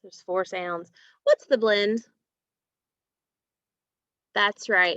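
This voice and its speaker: A woman teaching a phonics lesson, slowly stretching out and repeating sounds and words, and praising her students. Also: medium pitch, lively intonation, a bit bright, dry recording. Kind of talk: slow, clearly enunciated phonics lesson. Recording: dry, dull lo-fi recording.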